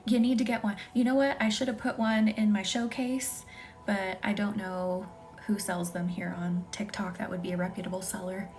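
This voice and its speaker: A woman's voice: medium pitch, fairly even intonation, moderate pace. Chatty woman whispering on a Reiki stream. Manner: chatty, reads and answers viewer comments by name, drops often into a soft whisper. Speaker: Reiki practitioner hosting a live stream. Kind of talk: casual live-stream chat with viewers. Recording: faint music behind.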